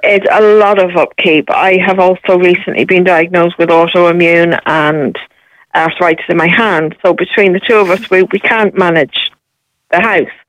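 An Irish woman calling in to a radio show, laying out her situation in a measured, matter-of-fact way. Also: fairly low pitch, steady tone, a bit bright, no room sound, lo-fi sound. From Ireland. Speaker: caller. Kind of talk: phone-in interview.

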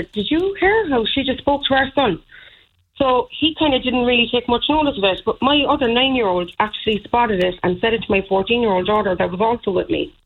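A woman in her thirties, calling in to tell a personal story, indignant and rambling with many fillers. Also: on the high side. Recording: tinny phone line.

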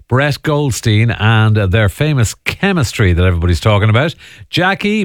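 A man's voice: mid-range voice, dry recording, studio quality. A man hosting a chatty radio entertainment segment, laughing at his own asides. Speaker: radio host.

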